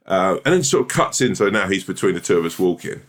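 A man co-hosts a casual podcast chat, spinning a long, self-deprecating anecdote. His voice sits low but swings widely in pitch, and he keeps laughing at himself as he rambles. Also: very animated, fast talker. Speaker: podcast co-host.

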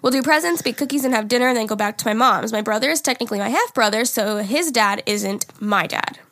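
A woman's voice: fairly high pitch, fast talker, fairly bright tone, no room sound, clean studio sound. A woman co-hosting a casual podcast, chatting loosely with profanity and laughing often, and reading out listener emails. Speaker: podcast co-host.

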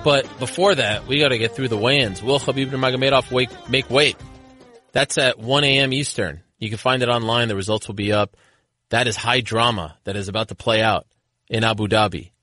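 Excited man hosting sports radio. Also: medium pitch, fairly quick, faint music behind. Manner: energetic, excited, hypes upcoming segments. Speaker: radio host.

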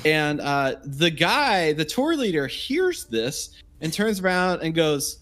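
A man's voice: fairly high pitch, very animated, slow pace, few pauses, fairly bright tone. Man game master narrating a tabletop session. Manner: rambling, full of fillers.

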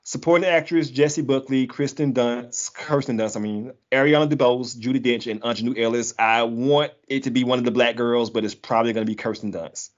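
A man's voice: mid-range voice, fairly even intonation, quick pace, few pauses. A man hosting a casual podcast, running through lists and chuckling easily. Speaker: podcast host. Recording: dull lo-fi sound.

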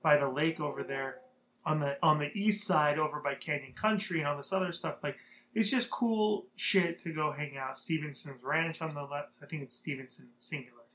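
A young man from Southern California tells a story in a loose, casual vlog way. His voice sits a little high for a man. He rambles and swears freely, with lots of fillers. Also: normal speed, a little hiss or hum. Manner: profane, rambling, animated. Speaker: vlogger.

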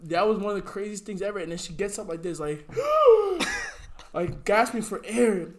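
Young guy on a podcast, high voice, slangy, cracking up mid story. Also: quick pace. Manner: animated storyteller, laughing fits; slangy, repeats "bro". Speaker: podcast guest. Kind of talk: casual storytelling chat.

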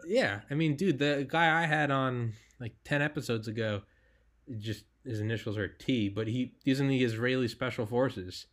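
A man's voice: medium pitch, moderate pace. A young man hosting a podcast, talking in a rambling, profane way, full of "like" and "dude". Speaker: podcast host. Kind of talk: casual podcast chat.

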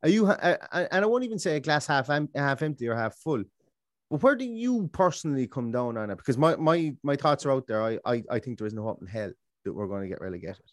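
A man's voice: medium pitch, big pitch swings, fast, no room sound, clean studio sound. A man, co-hosting a casual football podcast and talking in rambling runs full of restarts and fillers. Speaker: podcast co-host.

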